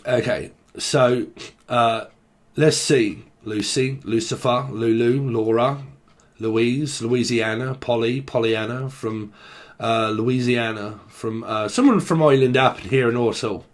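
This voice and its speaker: Swearing heavily and speaking in slangy, rambling fashion, a young tarot reader from Britain with a London-area English accent gives a casual channelling reading. His voice is medium-pitched and he takes it slowly.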